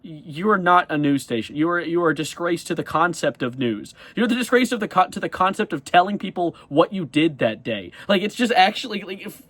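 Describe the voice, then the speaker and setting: A young man ranting in a casual vlog, animated and exasperated, often jumping into high sarcastic mock voices. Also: a little fast, hardly any pauses, no room sound. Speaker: vlogger.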